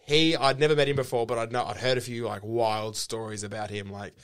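A man's voice: medium pitch, steady tone, fairly quick, a bit bright, clear, resonant tone. An Australian man co-hosting a comedy podcast, telling a rambling story and laughing through his words. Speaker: podcast co-host. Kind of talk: improv comedy podcast chat.

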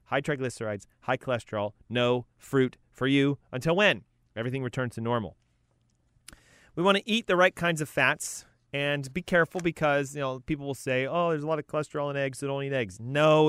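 A man's voice: medium pitch, fairly bright tone, dry recording, studio quality. A man hosting a health talk as a coach, emphatic and punchy, rattling off lists. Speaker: health coach and show host.

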